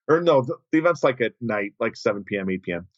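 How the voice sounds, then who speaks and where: A man telling a lively story as a guest on an interview podcast, acting out the voices of the people in it. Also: fast, no echo, muffled recording. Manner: animated, acts out quoted voices with big pitch jumps.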